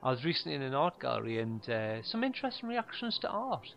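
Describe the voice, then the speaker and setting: Gravelly deadpan man doing stand-up. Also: mid-range voice, fast talker, dull audio, faint music behind. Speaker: stand-up comedian. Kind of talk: stand-up monologue.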